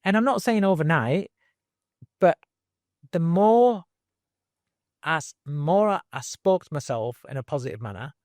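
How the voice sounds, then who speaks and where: A man's voice: on the high side, lively intonation, a little slow, pauses often, darkish tone, dry recording, clean studio sound. Earnest man telling his story. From Britain. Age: middle-aged. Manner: earnest, repetitive, stumbling restarts, casual slang. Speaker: boxing trainer, guest. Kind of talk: candid interview storytelling.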